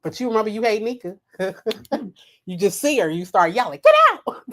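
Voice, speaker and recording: A woman's voice: mid-range voice, normal speed. A woman streaming live at night and making mocking, rambling, profane comments about a video while she laughs at her own jokes.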